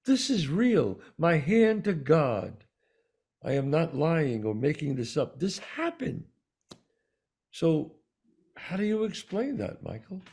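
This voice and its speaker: A man with a New York accent, co-hosting a talk show and telling a personal story in an animated way, acting out the voices of the people in it. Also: a little high, slow pace, husky. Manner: animated storyteller, acts out quoted dialogue. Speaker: podcast co-host. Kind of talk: storytelling in casual conversation.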